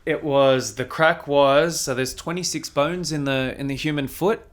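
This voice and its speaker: A young adult man, a podcast guest telling a story in a casual, animated way, filling his speech with "like" and swearing casually. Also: fairly high pitch, normal speed.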